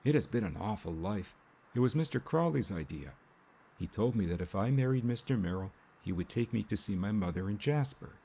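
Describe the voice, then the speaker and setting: A man's voice: lowish voice, animated, brisk, vocal fry, mellow, husky, exaggerated voice. A man voicing a frightened, timid young wife who speaks in a faltering way.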